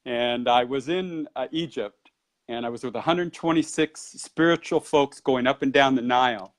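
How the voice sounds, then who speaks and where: A man with an ordinary middle-pitched voice tells a personal story in an interview. His delivery is animated, and his pace speeds up and slows down as the tale builds. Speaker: Qigong and Tai Chi teacher.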